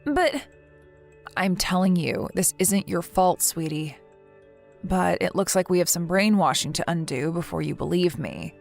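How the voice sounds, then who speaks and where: A woman's voice: fairly low pitch, expressive, unhurried, creaky, a little mellow, soft background music. A woman voicing a text story, earnest, indignant and protective in tone.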